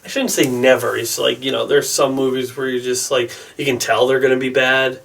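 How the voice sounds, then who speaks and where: A young man giving movie opinions in a casual vlog, chatty and excitable, rambling with asides. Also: medium pitch, brisk, creaky, recorded from a distance. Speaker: movie vlogger.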